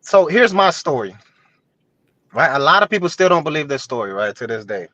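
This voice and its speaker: A man's voice: on the high side, very animated, fairly quick, sharp tone. A man in his thirties with roots in a Haitian family, telling a long story on a video call panel. He talks loosely and profanely and keeps asking "you know what I'm saying". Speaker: show host.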